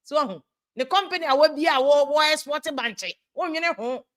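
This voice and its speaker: A woman with a Ghanaian accent hosting a live stream, reading out viewer comments in an animated, exasperated way and switching freely between English and Twi. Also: sits high, normal speed.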